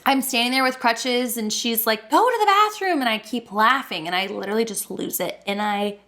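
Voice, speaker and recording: A woman's voice: fairly high pitch, normal speed. A woman in her thirties, a podcast co-host, telling a casual story with lots of laughter and swearing. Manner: laughing, animated, swears freely.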